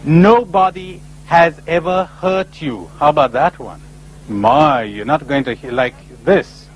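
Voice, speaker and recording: A man giving a lively spiritual conference talk, full of rhetorical questions and acted-out voices, on an old tape recording. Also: on the high side, measured pace, slight background noise, low-quality recording. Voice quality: animated, rhetorical, acting out imagined voices. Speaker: speaker at a spiritual retreat conference.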